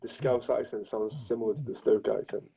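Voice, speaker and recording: A man's voice: medium pitch, steady tone, a little fast, gravelly, dark tone, faint music behind, poor audio. A man chatting as a guest on a casual livestream, hesitant and searching for words. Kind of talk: casual chat.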